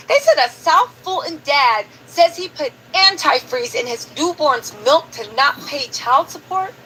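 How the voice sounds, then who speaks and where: A woman's voice: sits high, bright, forceful tone, a little hiss or hum, rough recording. A woman hosting a live stream, chatting casually and animatedly to her viewers about news clips. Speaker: commentary host.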